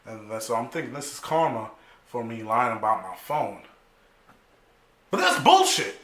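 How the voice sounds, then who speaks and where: A young man telling a story casually, animated and profane, full of slang, acting out other people's lines. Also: fairly low pitch, normal speed. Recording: echoey room.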